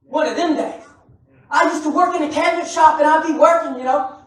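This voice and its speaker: High-voiced man preaching in an echoey church. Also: fairly quick, far from the mic. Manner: animated, often shouting, with joking asides to the congregation. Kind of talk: sermon. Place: church sanctuary.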